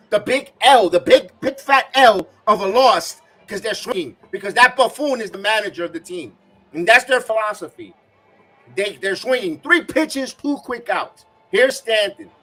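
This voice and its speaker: Irate high-voiced ranting baseball fan. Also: male voice, animated, moderate pace, pushed and bright, husky, soft background music. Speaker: watch-along host. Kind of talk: live baseball reaction commentary.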